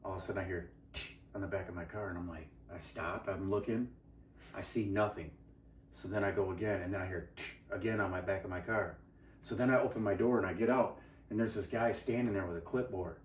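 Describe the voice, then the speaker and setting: A man's voice: low voice, steady tone, brisk, far from the mic, a little hiss or hum. A man co-hosting a casual chat, telling a heated story full of profanity and acting out the people in it. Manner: heated, swearing, mimics people in his story. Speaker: podcast co-host. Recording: roomy, off-mic sound.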